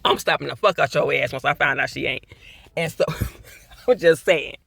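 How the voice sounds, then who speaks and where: A man's voice: a little high, moderate pace, gravelly, a bit bright, husky, dry recording. A man giving a casual, blunt TV episode review, swearing freely and repeating his points for emphasis. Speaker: TV show reviewer.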